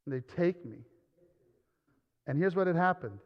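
A man's voice: on the high side, lively intonation, moderate pace. Preaching man in a reverberant hall. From New Rochelle, New York. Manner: quiet personal storytelling that builds to loud preaching. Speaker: pastor. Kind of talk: sermon. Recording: dull sound with long reverb in a large hall.

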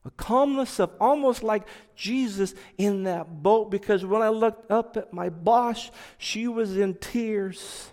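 Man sharing a testimony, high voice, long hall reverb, slow earnest delivery that swings between hushed and loud. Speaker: speaker giving a testimony. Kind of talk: personal testimony talk.

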